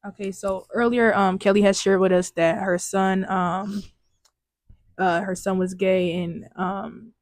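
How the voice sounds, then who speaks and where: A woman hosting a podcast, asking interview questions in a hesitant, halting way with fillers. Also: mid-range voice, level tone, no room sound, studio quality. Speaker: podcast host.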